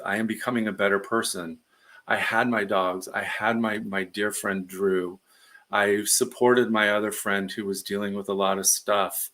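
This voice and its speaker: A man's voice: on the low side, bright, forceful tone. Earnest man giving spiritual testimony. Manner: earnest, halting with repeated words. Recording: online service video.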